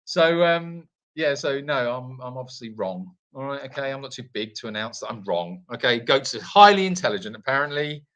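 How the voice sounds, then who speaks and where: A man's voice: mid-range voice, expressive, a little fast, few pauses, a bit bright. A man hosting a casual live Q&A from an animal sanctuary, reading viewer comments in a playful, self-deprecating way with frequent restarts.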